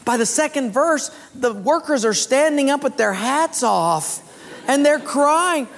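A pastor preaching a sermon in a large auditorium, telling stories in a conversational, animated way. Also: high-pitched, measured pace. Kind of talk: sermon with storytelling. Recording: long reverb in a large auditorium.

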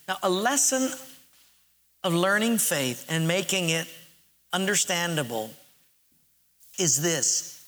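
A man preaching a sermon, telling a story with animated acted-out quotes and slowing to stress key phrases. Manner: animated storytelling, acts out quotes with big pitch jumps.

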